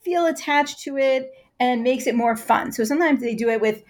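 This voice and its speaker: A woman's voice: high-pitched, moderate pace. A woman guest in an academic interview, explaining at length with examples. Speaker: author guest.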